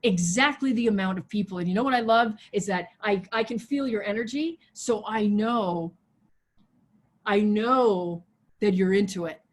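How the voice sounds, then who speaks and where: A woman pastor preaching a sermon over a video call, swinging from loud, soaring exhortation to a hushed prayer voice. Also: mid-range voice, moderate pace. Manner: impassioned, rises loud then drops to hushed prayer. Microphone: video call mic.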